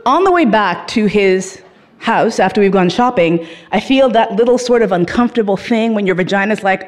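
A woman telling a comic story, swearing freely and laughing as she goes, with lively swings in her voice. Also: medium pitch, normal speed. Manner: profane, laughing through the telling.

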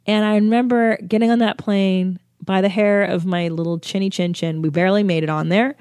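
A woman's voice: mid-range voice, steady tone, brisk, hardly any pauses, darkish tone, smooth, dry recording, studio quality. A young woman comedian telling a travel story with lots of swearing and self-mocking jokes. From United States. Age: young adult. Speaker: comedian and podcast host. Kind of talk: comic storytelling.

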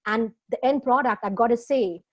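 A woman's voice: on the high side, normal speed. A woman guest in a casual interview, talking expressively with frequent fillers and laughs. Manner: expressive, emotional, laughs often, many fillers.

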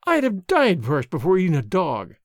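A man reading a storybook puts on a higher voice for an earnest young wife who pleads passionately. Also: big pitch swings, a little fast, no room sound, clean studio sound. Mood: pleading.

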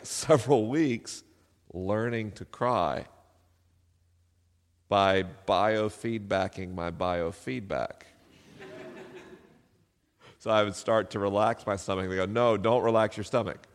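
Speaking a little slowly with long pauses, this middle-aged man has a voice on the low side. He's a podcast host sharing a personal story before a live audience, self-deprecating and quick to laugh, recorded in a hall with long reverb.

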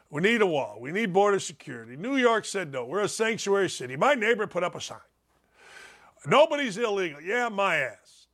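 A man's voice: a little high, fairly bright tone. A man calling in to a talk show with a heated, profane and sarcastic rant. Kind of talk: angry call-in rant.

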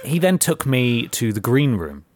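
A man's voice: medium pitch, very animated, measured pace, a little mellow. A man co-hosting a podcast, telling a rambling story in casual chat and acting out the voices he quotes. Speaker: podcast co-host.

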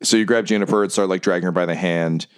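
A man with a very deep voice runs a tabletop game as its game master. He narrates in a laid-back, rambling way, with plenty of ums and likes. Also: steady tone, quick pace, clean tone. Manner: laid-back, full of fillers, laughs often.

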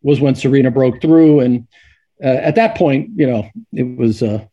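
Halting middle-aged man telling stories. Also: medium pitch, warm tone, lo-fi sound. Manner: halting, many restarts and fillers. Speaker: sportswriter guest. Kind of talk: casual storytelling.

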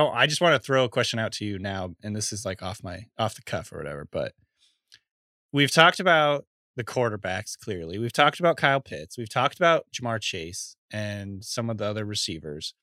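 A man's voice: fairly low pitch, animated, normal speed, bright, forceful tone, no room sound, clean studio sound. A man co-hosting a podcast in casual chat, laughing easily and musing with hesitant restarts. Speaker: podcast co-host.

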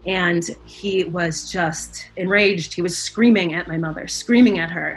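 A woman's voice: on the low side, a little slow, hardly any pauses, rough recording. A woman recalling a frightening childhood incident in an interview, speaking hesitantly with fillers and restarts that grow intense. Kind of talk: emotional personal recollection.

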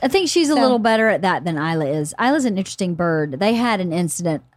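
A woman hosting a podcast, telling a story in a casual, animated way and laughing often. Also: fairly low pitch, fast, no room sound. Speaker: podcast host.

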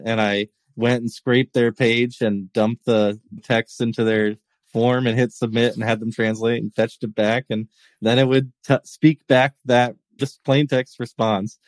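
A man's voice: mid-range voice, darkish tone, no echo. Laughing, rambling American man. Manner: laughs often, rambling with restarts. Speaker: podcast co-host. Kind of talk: casual tech chat.

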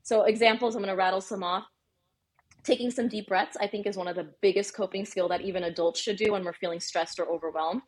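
A woman in her thirties, a pediatrician, answering questions in a lively conversational way with everyday examples. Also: medium pitch, fast talker, husky. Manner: animated, explains with examples and acted-out quotes. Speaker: pediatrician guest.

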